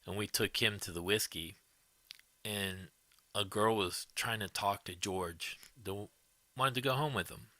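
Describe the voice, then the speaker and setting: A man's voice: fairly low pitch, a little slow, sharp tone, no room sound. A man hosting a livestream, telling casual rambling stories to his viewers, chuckling often and swearing freely. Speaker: livestream host.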